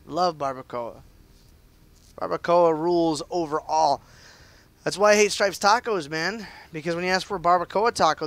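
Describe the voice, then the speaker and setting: A man's voice: on the high side, moderate pace, vocal fry, a bit bright, no room sound. A young man chatting loosely through live gameplay commentary, with lots of fillers and restarts. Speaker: game streamer.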